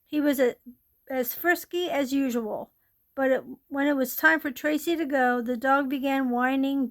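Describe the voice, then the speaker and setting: A woman reads a ghost story aloud in a high, gentle voice. Her delivery is steady and unpolished, with a few small slips and restarts. It sounds like a home storytelling read.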